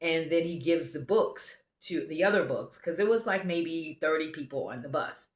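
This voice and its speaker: This American travel vlogger has a low, expressive voice and a moderate pace. She tells a travel story casually, rambling along, cutting herself off and starting sentences over, with a roomy echo around her.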